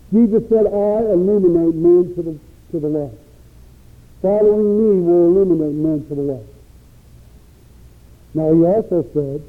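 A man preaching a sermon with an emphatic, rising and falling cadence. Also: high-pitched. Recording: tinny phone-like recording.

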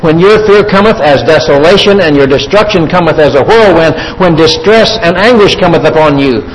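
An older man preaching a sermon, reading scripture aloud and acting out voices with animated emphasis. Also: on the high side, fairly quick, poor audio. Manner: animated, acts out voices and quotes scripture dramatically.

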